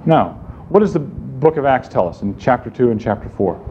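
A man's voice: medium pitch, expressive, moderate pace, mellow. Emphatic male preacher, slightly dull recording. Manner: emphatic, asks rhetorical questions and answers them. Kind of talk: sermon. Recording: slightly dull recording with faint room noise.

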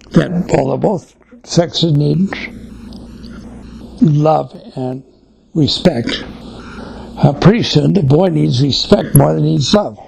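A man's voice: a little high, creaky, a little mellow, husky, poor audio. An older man giving an informal, folksy sermon on family life, telling anecdotes. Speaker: Christian speaker on family life.

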